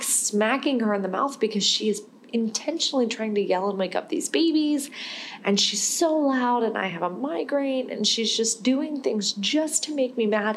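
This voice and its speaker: A woman's voice: medium pitch, slight background noise. A young woman hosting a podcast, telling a personal story in a candid, rambling way and laughing now and then. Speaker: podcast host.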